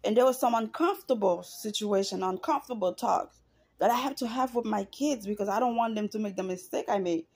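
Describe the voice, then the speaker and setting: A woman's voice: medium pitch, brisk, darkish tone, slightly rough. A middle-aged woman talking straight to camera in an emotional, earnest personal monologue, repeating herself for emphasis. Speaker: vlogger.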